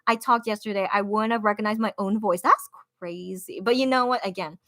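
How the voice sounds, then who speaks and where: A young woman hosting a casual livestream, reading viewer comments aloud in a chatty, upbeat way with lots of fillers and sudden high excited bursts. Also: fairly quick. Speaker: livestream radio-style host.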